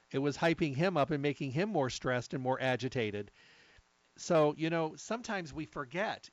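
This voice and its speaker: Middle-aged guy chatting away about supplements, storyteller vibe, mid pitch, dry close mic. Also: dry recording, muffled recording. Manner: chatty storyteller, lively asides. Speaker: health supplement talk host. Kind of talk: casual monologue.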